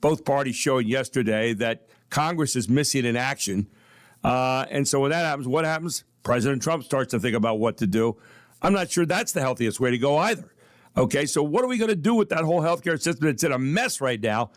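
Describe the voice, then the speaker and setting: A man's voice: mid-range voice, animated, fairly quick, no room sound. A man with a mid-range voice hosts a talk radio show from a downtown studio. He talks in a folksy, upbeat way and rambles through ad reads and promos.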